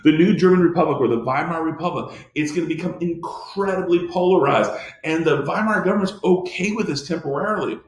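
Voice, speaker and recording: A man's voice: a little high, a little fast, roomy sound. A man teaching a history lecture in an emphatic way, often restarting his sentences. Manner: emphatic, many restarts and fillers. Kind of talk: recorded classroom lecture.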